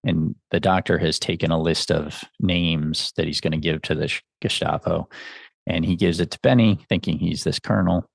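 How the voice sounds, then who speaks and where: A man's voice: sits low, fairly even intonation, moderate pace, gravelly, no room sound, studio quality. A man hosting a podcast, giving a casual, musing film review as he thinks aloud. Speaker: podcast host.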